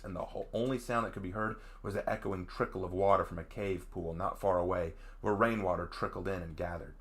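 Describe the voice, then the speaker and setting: A man's voice: deep voice, fairly bright tone. A man hosting a let's play, reading his story's first-person narration and breaking in with enthusiastic asides. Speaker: game host and writer.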